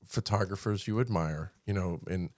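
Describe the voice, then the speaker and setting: A man's voice: low voice, moderate pace, a little mellow, dry recording, studio quality. A man chatting about his photography trade, searching for words with many fillers and restarts. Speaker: commercial photographer, co-host. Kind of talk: casual conversation.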